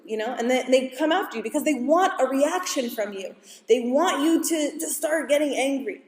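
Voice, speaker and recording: A woman school psychologist giving a calm, explanatory parenting talk to an audience, now and then acting out what parents and kids say. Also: high-pitched, moderate pace. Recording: echoey hall from far off.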